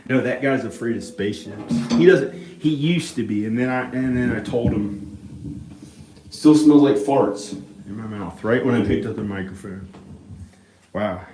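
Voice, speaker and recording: A man's voice: mid-range voice, measured pace, pauses often, warm tone, slight background noise. Rambling, cursing man in a roomy space. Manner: rambling, profane, muttering. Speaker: vlogger. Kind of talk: rambling monologue to a microphone. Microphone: handheld microphone. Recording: roomy, mic held far off.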